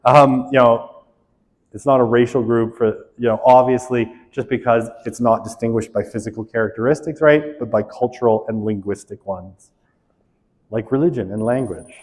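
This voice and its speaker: A man's voice: medium pitch, steady tone, moderate pace, long reverb tail. A male instructor running a class quiz review, reading questions aloud and joking with students.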